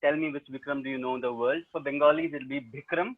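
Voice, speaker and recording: A man's voice: medium pitch, fairly even intonation, fast. Playful South Indian man on a tinny call. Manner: playful, teasing, talks straight to the audience. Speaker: professional storyteller. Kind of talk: interactive storytelling webinar. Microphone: laptop mic over a video call. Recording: tinny video-call audio.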